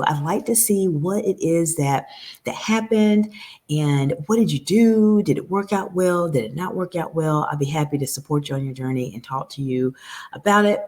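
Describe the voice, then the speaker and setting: A woman's voice: sits low, a little mellow. A woman coaching professional women on communication, speaking straight to her viewers in an earnest, advisory way. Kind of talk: direct-to-camera coaching talk.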